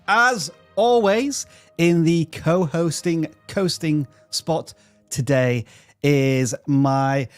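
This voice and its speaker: A man's voice: fairly high pitch, no room sound, clean studio sound. A man hosting a livestream, chatty and joking as he greets viewers by name. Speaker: livestream host. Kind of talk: upbeat livestream chat.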